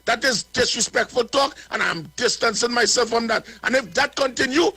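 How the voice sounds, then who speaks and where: High-voiced Trinidadian man ranting. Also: normal speed, gravelly, bright, forceful tone, breathy edge, no echo. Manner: blunt and indignant, repeats words. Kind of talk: political commentary.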